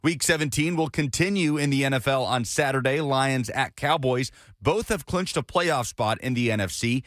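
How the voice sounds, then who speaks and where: A male announcer reads a scripted sports update in a steady, even way. His pitch is ordinary, and the booth sound is dry. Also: moderate pace, no room sound. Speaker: station news announcer.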